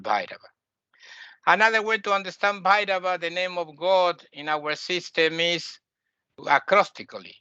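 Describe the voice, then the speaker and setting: This spiritual teacher's voice sits on the high side, bright and forceful yet smooth, recorded with no room sound and the highs cut off. He delivers a spoken lesson, emphatically repeating key phrases in non-native phrasing.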